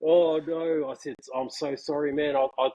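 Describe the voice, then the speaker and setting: A man's voice: medium pitch, monotone, a little fast, darkish tone, muffled recording. A man telling a story in casual chat, laughing often and saying "bro" a lot. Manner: laughing, slangy, peppers speech with "bro". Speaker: guest.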